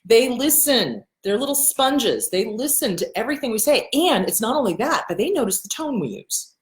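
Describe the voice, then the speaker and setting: A woman's voice: a little high, sing-song, normal speed. A woman hosting a casual advice monologue as a therapist, talking bluntly and emphatically, swearing and repeating words for stress. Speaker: host and therapist. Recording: echoey room.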